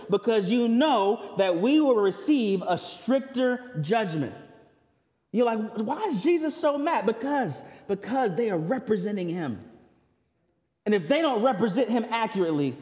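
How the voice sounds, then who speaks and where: A man preaching a sermon, his voice sitting unusually high for a man. He swings from bright, animated outbursts to low, slow, deliberate lines when he wants a point to land. The sound carries the long reverb of a church sanctuary. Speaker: pastor.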